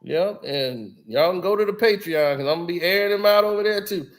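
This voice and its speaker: Brief: lively male guest, upper-pitched voice, slangy, laughs through his stories. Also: fairly quick. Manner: animated, laughs often, slangy storytelling. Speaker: guest, former basketball player. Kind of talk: casual podcast chat.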